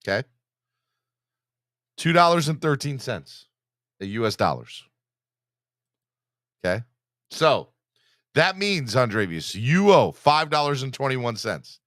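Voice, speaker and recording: A man hosting a live fan podcast in a casual, teasing, animated way, hyping himself up. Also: medium pitch, slow pace, long pauses, no room sound, clean studio sound. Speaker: podcast host.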